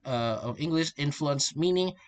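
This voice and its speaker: A young man, a student reading a pronunciation lesson presentation, halting and repeating words as he goes. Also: fairly high pitch. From Indonesia. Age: young adult.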